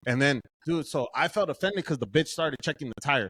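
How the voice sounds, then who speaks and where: A man's voice: medium pitch, fairly quick, few pauses, a little hiss or hum. A young man from Southern California, a podcast co-host, telling a profane story in casual chat and acting out what everyone said. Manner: profane, animated storytelling, quotes himself.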